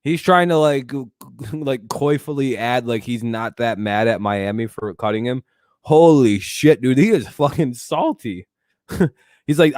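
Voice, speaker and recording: On a casual live sports talk stream, a male host responds to his chat and swears freely. His mid-range voice is animated and slightly mellow at a normal pace, recorded in a clean studio with no room sound.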